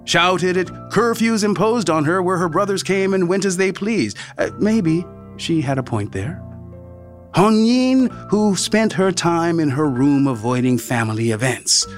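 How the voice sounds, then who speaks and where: A man reading a story aloud as narrator, expressive, slowing down and dropping to a near whisper for emphasis. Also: fairly high pitch, soft background music.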